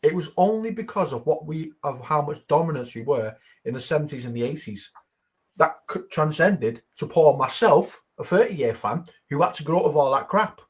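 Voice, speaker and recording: A man's voice: fairly high pitch, animated, normal speed. A man in a casual football chat, emphatic and exasperated, hammering points through repetition. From northern England.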